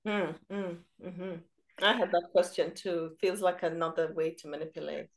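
Interviewer with brief supportive replies. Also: female voice, lowish voice, fairly even intonation, normal speed.

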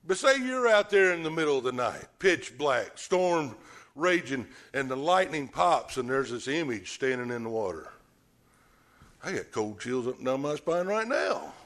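A man's voice: mid-range voice, animated, moderate pace, a bit bright. A man preaching a sermon, telling the story with animation and acting out scenes.

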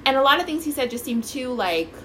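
A woman's voice: sits high, fast talker, slight background noise, poor audio. A woman telling a dating story in casual chat, acting out quotes and swearing freely. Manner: animated, swearing, acts out quotes.

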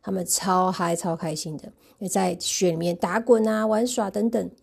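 A woman reading a picture book aloud and retelling each page gently. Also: lowish voice, steady tone, normal speed, vocal fry, husky. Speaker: storybook reader.

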